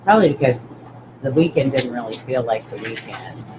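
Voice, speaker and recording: A woman's voice: extremely low pitch, fairly quick. Chatty older woman, dull lo-fi audio. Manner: rambling, chatty, greets viewers by name. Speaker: craft tutorial host. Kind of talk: live-stream crafting chat. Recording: dull lo-fi audio with steady noise.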